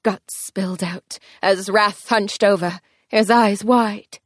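A woman reads a first-person fantasy story aloud in an even mid-range voice. Her telling is expressive, speeding and slowing with the action, and the sound is close and dry with no room around it. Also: medium pitch, no echo. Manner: expressive, tense storytelling pace shifts. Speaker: audiobook narrator.

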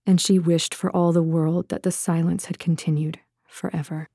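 A woman's voice: low voice, little pitch movement, normal speed, few pauses, mellow, slightly rough, no echo, clean studio sound. A woman narrating a romance audiobook in an intimate manner, often dropping to a whisper.

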